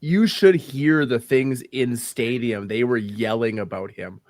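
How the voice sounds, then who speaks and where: A man talking football on a podcast in an easy, conversational way. He is opinionated and sometimes pauses to hunt for the right word. His voice sits in a middle register and sounds close and dry. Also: mid-range voice, no echo. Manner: conversational, searches for words, opinionated. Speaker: podcast co-host. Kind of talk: casual sports chat.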